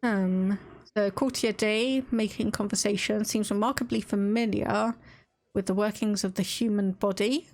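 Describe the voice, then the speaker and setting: A woman's voice: mid-range voice, fairly even intonation, moderate pace, a little mellow. English woman w/ estuary accent, chatty gameplay stream, reads game text out, laughs a lot. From England. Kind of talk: casual live-stream gameplay commentary.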